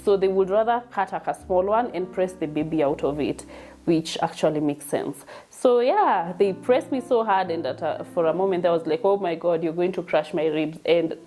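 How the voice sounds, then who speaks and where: Chatty Kenyan woman, mellow voice. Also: lowish voice. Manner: mixes English and Swahili, chatty and emotional. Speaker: vlogger telling her birth story. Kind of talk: casual personal storytelling.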